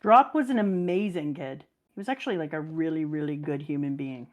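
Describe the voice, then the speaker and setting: Casual, animated woman chatting on stream, quick to laugh. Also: low voice. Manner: animated storyteller, laughs often. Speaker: stream guest and mother. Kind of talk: casual chat.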